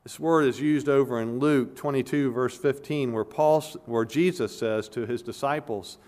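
A male pastor delivering an expository sermon in an earnest, emphatic way. He repeats key words for weight and often restarts his phrases. His voice sits at an ordinary middle pitch for a man. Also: normal speed, darkish tone.

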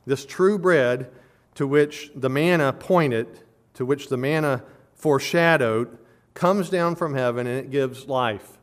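Male pastor, mid-pitched, expository preaching, measured with emphatic peaks. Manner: measured teaching, rising to emphatic stress on key words. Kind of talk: expository sermon.

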